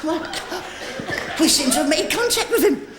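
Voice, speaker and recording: A male comedian doing live stand-up with an audience volunteer, teasing her with cheeky innuendo and squeaky, shrieking rises. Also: expressive, normal speed, over a noisy crowd. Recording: loud hiss on an old VHS tape recording.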